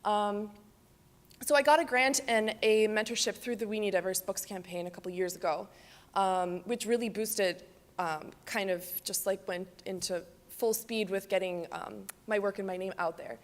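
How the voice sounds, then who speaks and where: A woman giving a halting, filler-filled casual presentation about her illustration work. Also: mid-range voice. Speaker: children's book illustrator. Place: library event hall. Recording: reverberant library hall.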